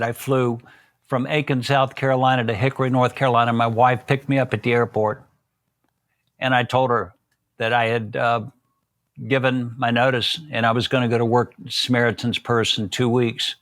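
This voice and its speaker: A man's voice: mid-range voice, flat delivery, moderate pace, a bit bright, dry recording. Older guy spinning a folksy story, plain middle voice, dry close mic, does little voices for the people he quotes. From Southern United States. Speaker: guest. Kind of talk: storytelling interview.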